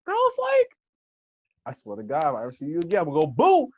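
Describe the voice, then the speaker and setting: Animated American man telling stories. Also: a little high, fast, a little hiss or hum. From Los Angeles. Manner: animated storyteller who acts out quoted voices, laughs often. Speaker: interview guest, hip hop instructor. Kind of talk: casual interview storytelling.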